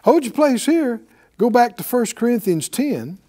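Preacher guy teaching scripture, high voice that swings all over, takes his time. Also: sing-song, unhurried, dark tone. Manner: conversational, asks the audience questions, chuckles often. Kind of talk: sermon teaching.

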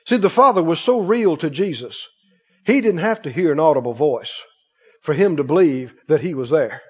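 A man's voice: on the high side, animated, normal speed, breathy edge. A man preaching a sermon, acting out scripture voices and firing rhetorical questions at the congregation. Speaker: pastor. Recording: dull sound with long hall reverb.

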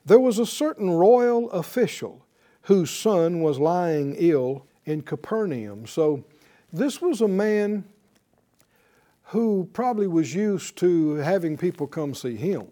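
A man's voice: sits high, lively intonation, slow, mellow. A man teaching a Bible lesson in sermon style, emphatic and putting rhetorical questions to his listeners.

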